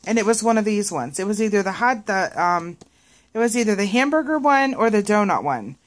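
A woman's voice: mid-range voice, a little fast. A woman chatting casually to viewers in a craft vlog, rambling with many fillers and restarts. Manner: animated when retelling a scene. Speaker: craft vlogger.

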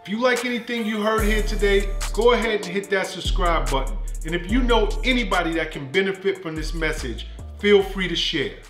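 A man's voice: high-pitched, brisk, a bit bright, soft background music. A man hosting an interview, asking probing, emphatic questions. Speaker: host. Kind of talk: interview and outro.

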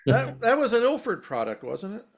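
A man's voice: sits high, wildly swooping pitch, moderate pace, creaky. A man hosting a casual video chat, easygoing, dropping brief wry comments. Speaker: host.

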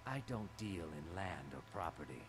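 Brief: sly lizard-folk fence, deep and lilting, game audio with noise. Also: male voice, sing-song, normal speed. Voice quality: smooth, sly, sniffing out guests. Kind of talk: video game dialogue.

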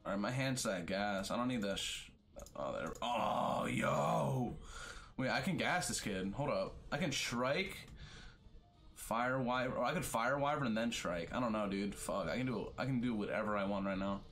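A man's voice: fairly low pitch, moderate pace, fairly bright tone. A man streaming a card battle game, talking through his turns in casual, profane commentary and griping about his bad luck.

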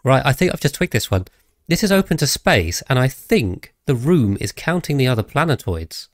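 A man's voice: mid-range voice, big pitch swings, moderate pace, dry recording, studio quality. A man streaming a video game live, thinking aloud and chatting casually with his viewers as he plays. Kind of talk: casual live gameplay commentary.

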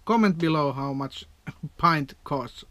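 Slow-talking Finnish man, rambling vlog. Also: on the high side, pushed and bright, no room sound. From Finland. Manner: rambling, chatty storyteller with non-native grammar. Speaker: vlogger. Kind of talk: casual vlog chat.

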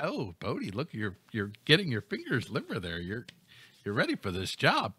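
Male podcast host, very expressive bright voice, dry close sound, jokey banter. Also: mid-range voice, moderate pace, husky, no echo. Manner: animated, jokey, swings between loud and mumbled asides.

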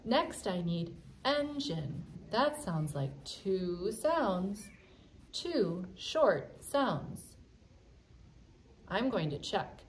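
A woman teaching a kindergarten music lesson, chanting rhymes in a sing-song way and squealing high train whistles. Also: big pitch swings, slow pace, slight background noise.

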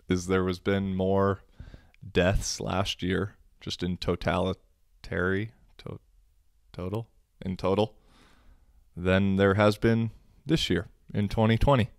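A man's voice: sits low, gravelly, smooth, dry recording, studio quality. A young man hosting a casual solo podcast, rambling and sarcastic, swearing freely. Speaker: podcast host.

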